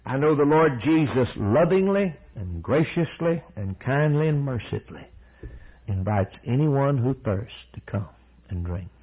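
A man preaching a sermon with a husky edge to his voice. He leans hard on single words and repeats them for emphasis. His pitch sits in an ordinary middle range. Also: expressive, measured pace, darkish tone, poor audio. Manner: emphatic, repeats key words, ends in prayer.

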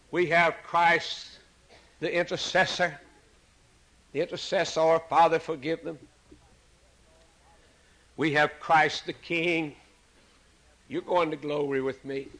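A man preaching a sermon, swinging from loud, soaring rises to hushed, quiet drops. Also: on the high side, takes it slowly, long pauses, poor audio.

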